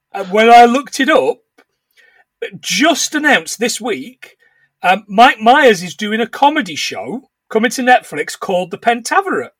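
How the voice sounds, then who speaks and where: A man co-hosting a casual podcast chat, giggling as he retells scenes and slips into quick silly voices. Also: sits high, big pitch swings, fairly bright tone, dry recording, far from the mic. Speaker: podcast co-host.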